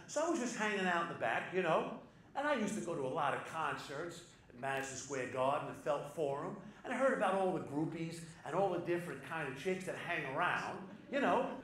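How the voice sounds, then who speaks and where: A man telling a comic anecdote to a live audience, animated and punchy, building to loud excited peaks. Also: a little high, brisk. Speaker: storyteller on stage. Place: live venue with audience laughter. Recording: echoey live hall with crowd noise.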